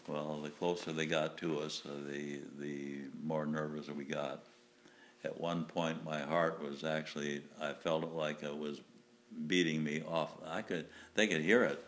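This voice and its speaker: An older man, a war veteran from the United States, recounting wartime memories in a halting way, with restarts and small chuckles. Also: rumbling low, level tone, slight background noise. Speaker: WW2 veteran interviewee.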